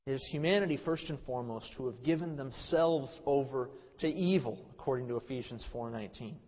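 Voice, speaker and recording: Man, preacher, Bible sermon, emphatic, loud-to-quiet swings, muffled recording, long hall echo. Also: mid-range voice, fairly quick. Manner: emphatic, swings between loud stresses and quiet trailing phrases, repeats words.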